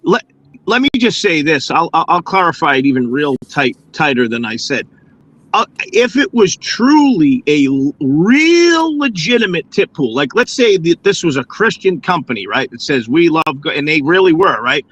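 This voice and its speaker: A man with a slightly high voice argues his point in casual talk on a live stream. He stumbles and restarts his sentences often. He acts out what other people said with lively little voices. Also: moderate pace, dull audio.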